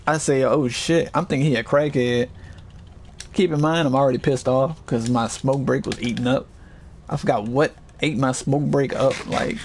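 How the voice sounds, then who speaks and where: A man casually telling a story to his chat, animated and swearing, acting out other people's voices with high yells. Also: a little hiss or hum.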